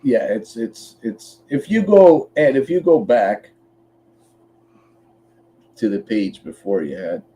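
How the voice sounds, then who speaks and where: A man's voice: mid-range voice, sing-song, takes it slowly, long pauses, mellow. A man from Canada co-hosting a podcast, chatting casually and bluntly, swearing freely while walking through a website step by step. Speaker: podcast co-host. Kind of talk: casual chat.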